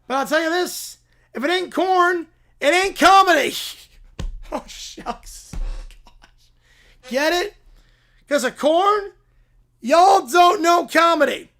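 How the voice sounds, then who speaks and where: A goofy young joker who will not stop yelling corn puns. The voice sits high and strained, with a gravelly rasp, and it rushes up to a shout on every punchline. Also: male voice, expressive, full character voice. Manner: shouts the same pun catchphrase again and again. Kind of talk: comedic read-aloud of a viewer prompt.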